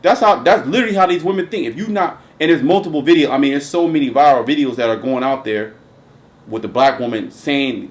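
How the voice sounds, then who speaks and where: A man's voice: mid-range voice, fast, a little hiss or hum. A man hosting a casual religious commentary chat, talking emphatically and profanely with lots of restarts. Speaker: host.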